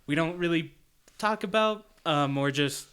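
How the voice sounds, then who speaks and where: A man's voice: a little high, unhurried, fairly bright tone, smooth. A man co-hosting a podcast, reading listener questions in a casual, hesitant way. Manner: hesitant, many ums and restarts. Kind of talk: casual chat.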